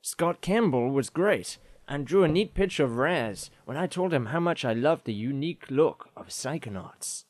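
A man putting on an American accent to voice an excited male fan, reading the letter slowly and deliberately. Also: fairly high pitch, dry recording, studio quality. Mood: starstruck. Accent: American, put on.

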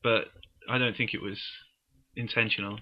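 A man co-hosting a casual podcast, reasoning things through with dry, deadpan quips. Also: fairly low pitch, moderate pace, breathy edge, highs cut off. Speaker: podcast co-host.

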